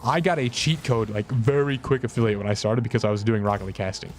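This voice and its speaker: Rambling young man streaming a game. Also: loud music behind the voice. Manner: rambling, self-mocking, quick pitch swings. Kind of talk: casual gameplay commentary.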